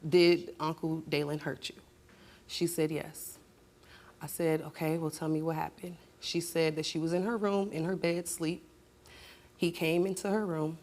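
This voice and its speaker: A woman's voice: sits low, steady tone, moderate pace, darkish tone. A young adult woman on a talk show, recounting a painful family story in a blunt, heated way. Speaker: guest. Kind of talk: emotional talk show testimony.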